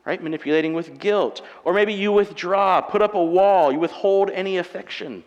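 A married man preaching a sermon with animated, self-mocking humor, acting out everyday quarrels. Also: high-pitched, normal speed. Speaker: pastor. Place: church auditorium. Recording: long reverb of a large hall.

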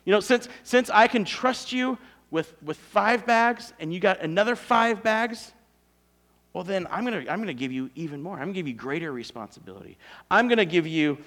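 A man voicing a generous, enthusiastic master of servants in a sermon, talking in effusive, excited praise. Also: high voice, moderate pace. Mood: delighted.

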